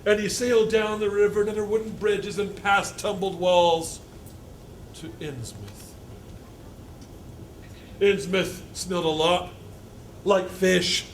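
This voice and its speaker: A man, a university instructor, reading a picture book aloud to a live audience, halting with fillers and joking asides. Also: high voice, fairly even intonation, slight background noise.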